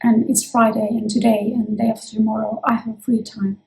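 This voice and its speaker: A woman's voice: on the high side, little pitch movement, fairly quick, gravelly, darkish tone, poor audio. A woman in her fifties who is losing her voice, chatting reflectively to camera from her office in a casual vlog. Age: 50s. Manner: chatty and reflective, with frequent restarts. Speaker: vlogger.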